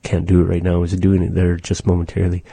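A man teaching a language lesson, patiently explaining and slowly demonstrating how sounds are made. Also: low voice, monotone, vocal fry, mellow, slightly rough, no room sound.

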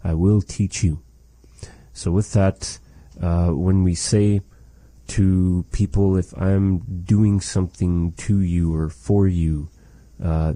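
Slow, patient man teaching words. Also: low-pitched, dark tone, no echo, poor audio. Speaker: language teacher. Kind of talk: teaching an Indigenous language lesson.

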